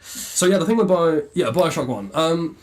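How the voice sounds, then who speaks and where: Giggly podcast co-host. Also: male voice, on the high side, expressive, moderate pace, a little mellow. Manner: laughs often, rambling with many fillers. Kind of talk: casual chat.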